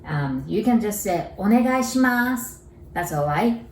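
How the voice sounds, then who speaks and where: A woman with a Japanese accent teaching a friendly language lesson, slowing down to drill pronunciation. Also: on the low side, lively intonation, darkish tone, roomy sound, far from the mic, rough recording. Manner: upbeat, slow careful pronunciation drills.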